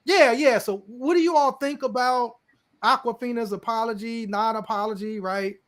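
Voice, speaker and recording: A man's voice: very high-pitched, moderate pace, fairly bright tone. A man co-hosting a podcast in casual discussion, talking conversationally with frequent "you know" and "like" and chuckling now and then. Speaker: podcast co-host.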